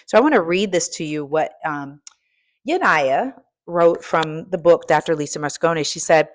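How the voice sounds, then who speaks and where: A middle-aged American woman coaching and hosting, talking in an energetic, preachy and casual way, dropping in "y'all" and swinging from soft asides to loud exclaiming. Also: deep voice, moderate pace. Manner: casual colloquial speech with "y'all" and "ain't". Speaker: coach and podcast host. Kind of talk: energetic motivational talk.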